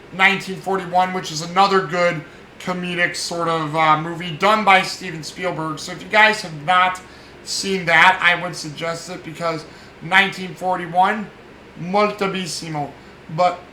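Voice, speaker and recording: A man with a high, bright voice talks through a film in a loose, rambling way and chuckles often. He is recorded in an echoey room with a faint hiss underneath. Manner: rambling and chuckling, many fillers and restarts. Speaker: film podcast host. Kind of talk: casual film review.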